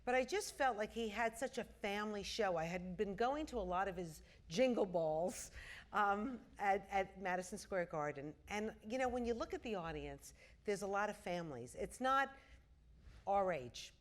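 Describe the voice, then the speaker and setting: A woman's voice: medium pitch, animated, normal speed. A woman interviewing a guest on stage, chatty and playful, laughing easily. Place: auditorium before a live audience.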